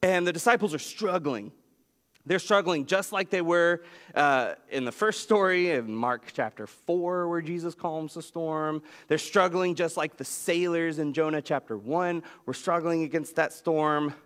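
A man preaching a sermon as pastor, telling a story with lively swings in pitch. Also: a little slow. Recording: long reverb of a large hall.

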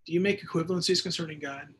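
A man teaching the Bible on a call-in show, moving between relaxed chat and fervent emphasis. His voice sits a touch high for a man. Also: rapid-fire. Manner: conversational, with bursts of emphatic preaching. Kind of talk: radio Bible teaching with listener texts.

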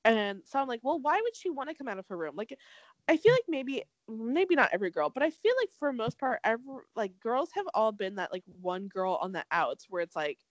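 Young woman ranting about a reality show, voice jumping all over, kinda high, dry close mic. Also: a little fast, dry recording, highs cut off. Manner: animated, swearing, acts out quotes from the show. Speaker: podcast co-host. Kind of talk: casual chat recapping a reality dating show.

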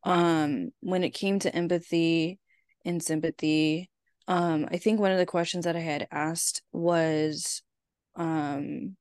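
A woman's voice: sits low, fairly even intonation, takes it slowly, darkish tone, no room sound, clean studio sound. A woman co-hosting a podcast, asking questions in a rambling, hesitant way with many fillers. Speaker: podcast co-host. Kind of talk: casual chat.

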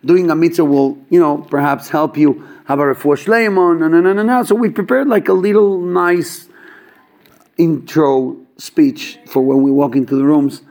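Man, casual storyteller, slightly high voice, filler-heavy, acts out dialogue. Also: normal speed. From Chabad yeshiva student background. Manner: animated, acts out quoted dialogue, many fillers. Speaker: storyteller at a gathering.

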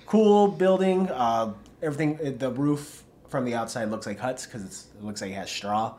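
A young man co-hosting a podcast in casual chat, describing things in short, relaxed bits with frequent "um"s. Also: mid-range voice, fairly quick, a little hiss or hum. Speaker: podcast co-host.

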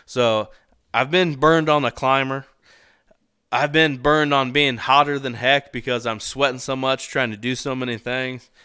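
Bright-voiced man telling a hunting story. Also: mid-range voice, a little slow, clean tone, no echo, studio quality. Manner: animated, laughs often, acts out voices in quotes. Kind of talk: casual storytelling.

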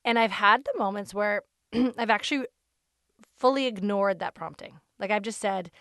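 A woman's voice: medium pitch, moderate pace, a bit bright, no room sound. Woman host asking questions, dry sound. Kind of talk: conversational interview.

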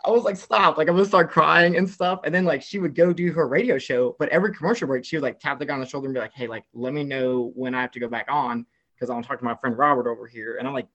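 A young man from the American South telling an excited story in casual chat, filling his talk with "like" and acting out what people said. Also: mid-range voice, very fast. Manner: excitable storyteller, heavy "like" filler, acts out quotes. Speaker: guest telling a travel story.

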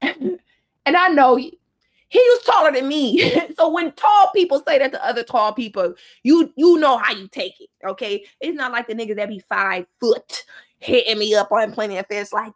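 A woman telling a casual story about her dating life, animated and profane, laughing often and breaking into high-pitched outbursts. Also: normal speed.

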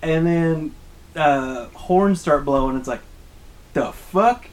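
A man's voice: a little high, slow, low-quality recording. A man in his twenties co-hosting a podcast, casually retelling movie scenes with profane jokes. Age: 20s. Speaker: podcast co-host. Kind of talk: casual movie recap chat.

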